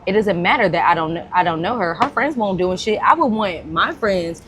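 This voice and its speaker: A woman co-hosting a podcast from a restaurant, telling a story bluntly and profanely with animated quoted voices. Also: mid-range voice, brisk, a little hiss or hum. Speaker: podcast co-host. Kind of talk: casual storytelling chat. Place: busy restaurant.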